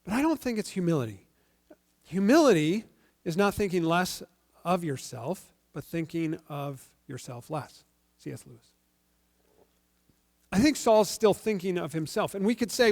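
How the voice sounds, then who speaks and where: A male pastor giving a sermon in a conversational, animated storytelling way. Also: high-pitched, moderate pace.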